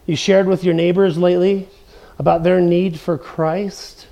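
High-voiced emphatic male preacher. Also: little pitch movement, measured pace, creaky, warm tone. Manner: emphatic, stretches key words, repeats phrases. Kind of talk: expository sermon.

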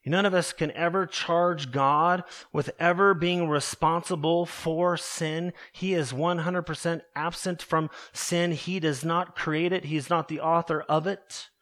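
Male pastor, sermon delivery, unhurried and emphatic, slightly higher voice. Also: fairly even intonation, fairly bright tone. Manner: slow, deliberate preaching with emphatic repetition.

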